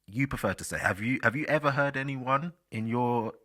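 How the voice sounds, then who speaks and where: A man's voice: medium pitch, brisk, sharp tone. A man hosting a solo podcast, chatting casually and rambling with fillers, speaking directly to his listeners. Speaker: podcast host.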